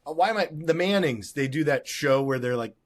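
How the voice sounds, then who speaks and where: A man co-hosting a casual podcast chat, easygoing and quick to chuckle. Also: a little high, animated. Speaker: co-host.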